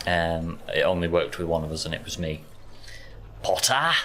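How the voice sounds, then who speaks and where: A man with a mild Yorkshire accent and a low, deep voice talks through a game stream. He rambles loosely as he answers chat, then drops into quiet muttering about what he's doing in the game. A faint hum of noise sits underneath. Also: completely flat delivery, a little fast. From Yorkshire, England. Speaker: gaming streamer. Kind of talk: casual chat while playing a video game.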